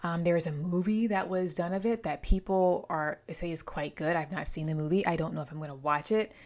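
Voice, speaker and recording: Female book vlogger, slightly low voice, stuffy from allergies, chatty and playful with rambling asides. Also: brisk, a little mellow. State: congested from allergies. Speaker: book reviewer. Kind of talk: casual vlog book review.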